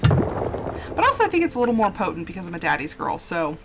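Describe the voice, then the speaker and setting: A woman's voice: on the low side, wildly swooping pitch, brisk, slight background noise. A young woman chatting casually while she streams a game live, gushing and emotional, laughing often and exclaiming a lot. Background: game music.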